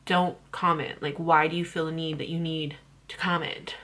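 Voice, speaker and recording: A woman's voice: deep voice, flat delivery, normal speed, fairly bright tone. A young woman ranting bluntly about parenting on her vlog, heated and full of swearing. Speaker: parenting vlogger.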